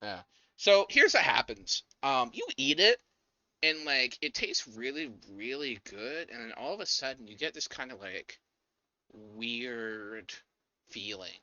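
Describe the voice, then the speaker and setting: A man's voice: mid-range voice, highs cut off. A man running a tabletop game as game master, narrating with lots of fillers and restarts. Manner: animated, halting with fillers.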